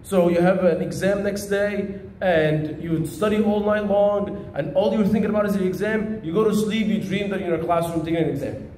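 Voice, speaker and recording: A man's voice: high voice, fairly even intonation, moderate pace, hardly any pauses, dark tone, roomy sound, a little hiss or hum. A man teaching a religious lesson in a conversational, storytelling manner. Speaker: Islamic teacher.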